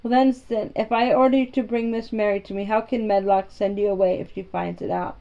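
A woman's voice: mid-range voice, steady tone, fairly quick, gravelly, dark tone, highs cut off, lightly acted. A woman doing a bossy, sickly young boy. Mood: imperious. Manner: bossy, demanding questions. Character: imperious sickly young boy, bedridden and commanding.

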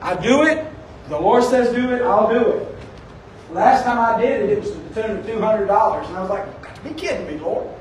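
A pastor with a strikingly high voice preaches in a loose, storytelling way. He sounds a little distant from the mic, and his voice rings in a roomy, echoing sanctuary over faint background noise. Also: a little fast. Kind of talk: sermon. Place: church sanctuary. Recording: echoey room, distant from the mic.

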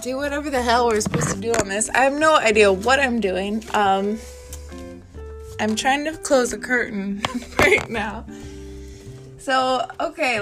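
A woman in her thirties hosting a casual podcast from her bedroom, talking in a chatty, candid way and swearing freely. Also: on the high side. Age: 30s. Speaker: podcast host. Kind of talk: casual chat.

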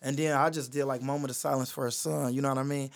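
Fast-talking man telling a story. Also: medium pitch, vocal fry. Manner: animated, lots of "you know what I mean" fillers. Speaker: podcast guest. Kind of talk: casual storytelling.

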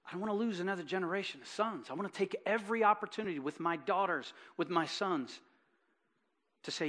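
A man preaching a sermon as pastor, impassioned, swinging from loud urgency to hushed, fervent preaching with rhetorical questions. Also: sits high, expressive, fairly quick.

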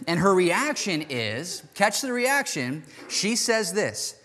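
A man's voice: a little high, big pitch swings, takes it slowly, sharp tone. A man preaching a casual, chatty sermon to a congregation. He acts out the quoted lines in little voices as he goes. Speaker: pastor. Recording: long hall reverb.

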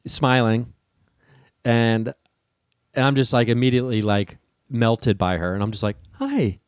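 A man telling a long personal story in casual talk, lively and profane, acting out the people in it. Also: medium pitch, unhurried, clear, resonant tone, dry recording, clean studio sound. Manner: animated, swears freely, acts out the people in his story.

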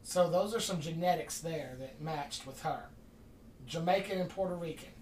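A podcast host telling a long story in casual chat, rambling and animated, acting out the quoted dialogue. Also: medium pitch, normal speed, slight background noise. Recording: distant mic in an echoey room.

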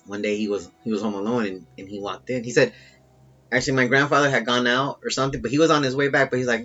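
A man casually telling a long, profane, rambling story from his family, getting animated as it builds. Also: mid-range voice, quick pace, muffled recording, soft background music. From Salvadoran family.

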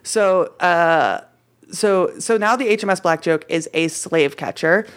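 A woman's voice: lowish voice, a little slow, clean tone. A woman co-hosting a casual history podcast, telling a story in a chatty way with lots of "like" and "uh" and playful slang. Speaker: podcast co-host presenting history research.

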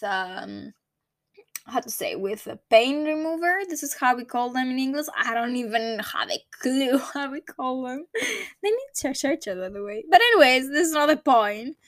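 A young woman in her twenties speaks with a Greek accent, and her voice sits high and sharp. She tells a personal story in a rambling, casual way and keeps searching for the right English words. The sound is dry and close, with no room echo. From Greece. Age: 20s. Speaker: vlogger.

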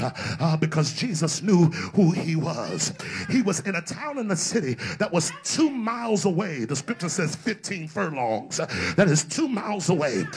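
A preacher man with a strikingly raspy voice delivers a sermon. His pitch sits high and roams widely. He moves between quiet, intimate stretches and shouted, sing-song crescendos. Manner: swings between hushed talk and shouted, sing-song climaxes.

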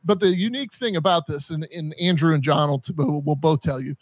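Stammering, animated podcast host man. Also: a little high, slightly rough, no room sound. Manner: animated, halting, lots of restarts and stammers. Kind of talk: casual chat.

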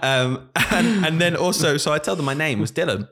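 Guy, late 20s teacher, talks fast, chatty podcast vibe, does little voices for the kids. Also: on the high side. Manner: animated storyteller, acts out pupils' voices. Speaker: primary school teacher and podcast host. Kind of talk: casual podcast chat.

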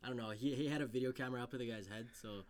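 Racing along with a steady tone, a mid-range male voice co-hosts a casual podcast. He reads headlines aloud and riffs on them, loose and profane.

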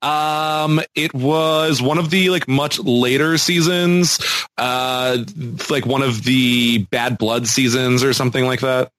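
A man's voice: medium pitch, slow pace. A man co-hosting a podcast in casual chat, laughing often as he talks. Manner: giggly, laughs often, lively delivery. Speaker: podcast co-host.

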